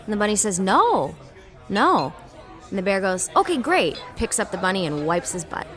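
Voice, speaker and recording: A woman's voice: medium pitch, quick pace. Woman telling a silly joke, a bit unsure, faint music and crowd.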